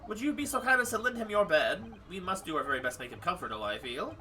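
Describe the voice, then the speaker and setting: A man's voice: high-pitched, animated, quick pace, pushed and bright, distant mic, a little hiss or hum, voice pushed up. A man hamming up a pompous showy detective. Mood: grandiose. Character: flamboyant theatrical male consulting detective, grandiose. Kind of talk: voicing game dialogue on a stream.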